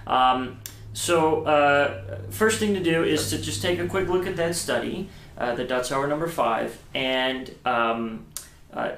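A man's voice: on the high side, slow pace, fairly bright tone, a little hiss or hum. A man giving a casual cello lesson on video, thinking aloud and explaining step by step with frequent ums and restarts. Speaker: cello teacher. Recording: echoey room.

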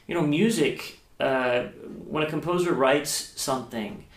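A man's voice: on the high side, a little slow. A man giving a casual cello lesson on video, thinking aloud and explaining step by step with frequent ums and restarts. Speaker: cello teacher. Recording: echoey room.

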